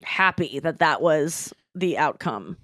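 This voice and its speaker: Animated woman podcast host, blunt. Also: low voice, slow, dry recording, studio quality. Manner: blunt, animated, swearing freely. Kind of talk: casual chat.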